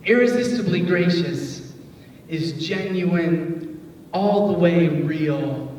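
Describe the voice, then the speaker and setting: High-voiced man preaching in an echoey hall. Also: slow, darkish tone. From Detroit, USA. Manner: chatty and joking, many filler "like"s. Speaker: youth pastor. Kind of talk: casual youth sermon. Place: church hall. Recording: echoey hall, voice from far off, faint noise.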